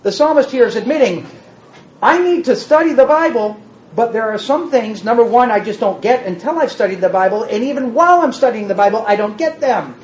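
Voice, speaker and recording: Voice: mid-range voice, lively intonation, fairly quick, a little hiss or hum. A preacher giving a teaching sermon who asks the listeners many rhetorical questions and plays with word meanings. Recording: dull roomy sound from a hall.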